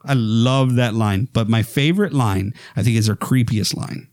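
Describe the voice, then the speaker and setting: Excitable guy rambling about movies, voice jumping around, dead dry mic. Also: mid-range voice, moderate pace, dry recording. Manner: animated, rambling with restarts. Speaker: podcast host. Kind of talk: casual film chat.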